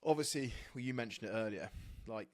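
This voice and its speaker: A man's voice: medium pitch, fairly quick, a little mellow, dry recording, studio quality. An English man in his thirties hosting a rugby podcast, chatty and matey, calling his guest "mate". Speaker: podcast host, former rugby player. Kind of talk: casual podcast chat.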